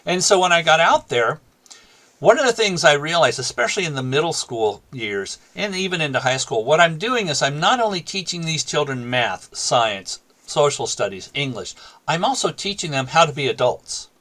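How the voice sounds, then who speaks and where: A man's voice: a little high, sing-song, normal speed, sharp tone. A man, a former teacher, telling a story from his classroom in an interview and acting out both sides of the conversation. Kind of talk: storytelling in a talk show interview.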